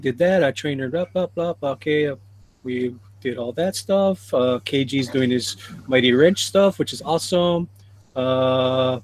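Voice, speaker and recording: A man hosting a casual livestream, reading viewer comments aloud and chuckling often. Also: medium pitch. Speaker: livestream host reading chat.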